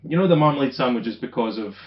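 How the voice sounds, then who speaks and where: A man's voice: mid-range voice, lively intonation, quick pace. Scottish guy rambling and trailing off, sounds far from the mic, echoey room. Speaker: podcast co-host. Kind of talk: casual chat. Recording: roomy echo, off-mic, muffled.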